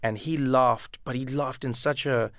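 A man gives a thoughtful interview answer, often doubling back on his words. His voice is gravelly at the bottom of its range. The sound is close and dry, with no room at all. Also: mid-range voice, fairly even intonation, moderate pace, no room sound. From South Africa. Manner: thoughtful, repeats words as he thinks. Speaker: comedian guest. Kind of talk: reflective interview talk.

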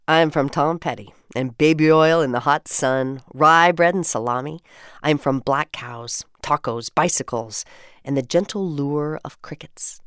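Low-voiced woman radio cohost, upbeat, reads poems out loud, dry close sound. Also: a little slow, clear, resonant tone, no room sound. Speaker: radio co-host. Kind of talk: radio chat and poetry reading.

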